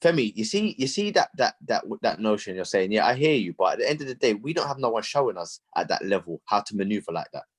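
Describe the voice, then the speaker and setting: Fast, animated man. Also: lowish voice. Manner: animated, fast, rising exclamations. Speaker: cab driver, podcast co-host. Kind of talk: casual group chat.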